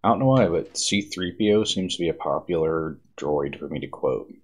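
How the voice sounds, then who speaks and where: A man's voice: sits low, moderate pace. A man streaming a video game, chatting casually and self-deprecatingly between scenes. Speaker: let's-play streamer.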